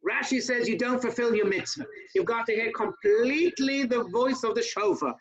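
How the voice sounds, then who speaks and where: A man, a rabbi, teaching an informal class over a video call, talking fast with chatty asides to his listeners. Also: extremely high pitch, dull audio.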